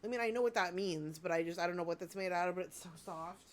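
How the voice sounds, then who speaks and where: A woman's voice: on the low side, fast, a little hiss or hum. A woman in her thirties, a vlogger gushing and rambling in casual chat about handmade gifts she received.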